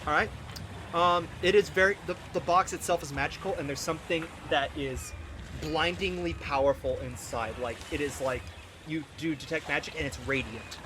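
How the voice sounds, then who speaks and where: A man's voice: fairly high pitch, normal speed, noisy background. A man narrating as game master of a tabletop game, describing scenes in a descriptive, somewhat hesitant way.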